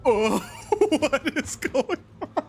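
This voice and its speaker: A high-pitched, wildly swooping male voice belongs to a game streamer who reacts to everything with gasps and bursts of laughter. He talks in an unhurried way between his outbursts. Game music plays clearly underneath him. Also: a little hiss or hum. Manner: excitable, gasping, laughing reactions. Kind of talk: live game stream commentary.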